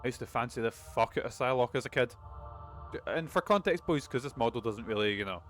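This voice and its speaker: A man's voice: medium pitch, expressive, fast. A man streaming a video game, chatting casually and rambling with plenty of swearing. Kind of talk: casual gaming commentary. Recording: game music behind.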